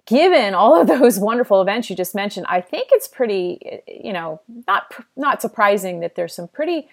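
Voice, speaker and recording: A woman's voice: medium pitch, sing-song, moderate pace. A woman co-hosting a podcast from her home, talking in a playful, teasing way. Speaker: podcast co-host, editor. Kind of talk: casual podcast chat.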